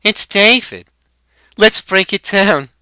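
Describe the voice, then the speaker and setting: A man's voice: high-pitched, lively intonation, slow, pushed and bright, smooth, dry recording, voice pushed up, exaggerated voice. A man putting on a smug young stoner. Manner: smug, crude trash talk. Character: cocky profane young male stoner.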